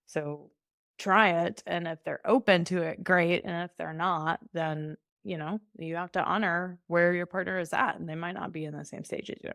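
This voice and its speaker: Brief candid woman guest coach, slightly low voice, dry close sound. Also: steady tone, normal speed, gravelly, fairly bright tone, no echo. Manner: breezy and candid, laughs often, slips into playful voices. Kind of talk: conversational podcast interview.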